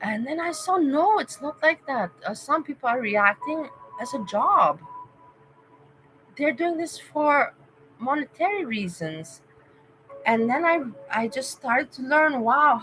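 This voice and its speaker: Woman streamer, unscripted and emotional, talks straight to her chat in a bright, pushing voice. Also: mid-range voice, a little hiss or hum, rough recording. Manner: rambling and emotional, thanking and addressing chatters by name. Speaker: vlogger chatting with live viewers. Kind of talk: casual livestream chat.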